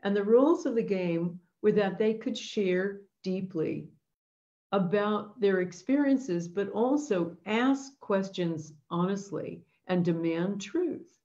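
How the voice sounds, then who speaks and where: Slow, earnest woman with a mellow voice. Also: medium pitch, highs cut off. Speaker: host leading an intention webinar. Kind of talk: reflective storytelling talk.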